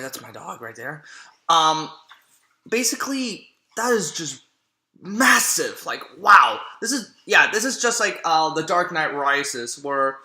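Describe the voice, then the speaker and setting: A man's voice: fairly high pitch, bright, forceful tone. A man giving a casual movie recap, rambling and full of fillers and restarts. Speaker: movie reviewer. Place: room at home. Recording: roomy echo.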